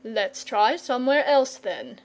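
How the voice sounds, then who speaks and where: A woman's voice: fairly high pitch, sing-song, a little slow. A woman voicing a frank, pleasant, patient male knight in a storybook reading. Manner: frank and persuasive.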